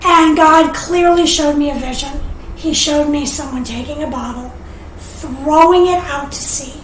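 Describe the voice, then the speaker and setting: Woman, heartfelt testimony, earnest and animated, roomy echo, faint background noise. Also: high-pitched, a little slow, recorded from a distance. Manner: earnest, animated, tearful at times. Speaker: podcast guest. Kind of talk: emotional personal testimony.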